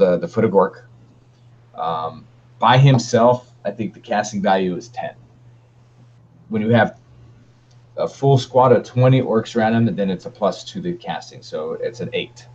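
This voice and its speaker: Low guy rambling on a hobby stream, lots of ums, muffled sound. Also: a little mellow. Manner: laid-back, rambling with many fillers. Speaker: podcast co-host. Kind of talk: casual chat. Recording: dull lo-fi stream audio.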